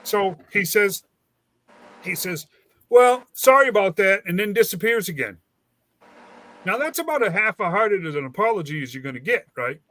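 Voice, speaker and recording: A man's voice: sits high, normal speed, long pauses. A man hosting a casual chat, telling a rambling story and acting out the dialogue. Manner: rambling, animated, acts out quoted dialogue. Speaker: host.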